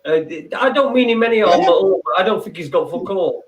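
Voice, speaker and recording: A high-voiced man whose pitch moves a lot, rambling through halting, sweary remarks in a round-table chat. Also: lively intonation, roomy sound, rough recording.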